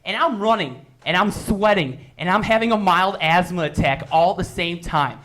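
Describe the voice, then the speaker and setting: A man doing a stand-up comedy set, telling silly stories with deadpan punchlines. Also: high voice, normal speed.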